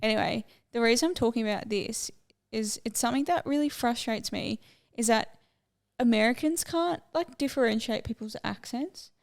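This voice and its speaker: Gravelly and a bit high, this young podcast co-host talks at a normal speed with hardly any pauses. She keeps the chat casual and chatty, rambling and getting sidetracked as she hops between topics.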